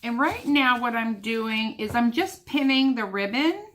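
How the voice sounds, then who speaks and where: She speaks at a measured pace in a fairly high, fairly bright voice with lively intonation. A craft vlogger, she keeps up a casual running chat with the viewer while working through a sewing and painting project.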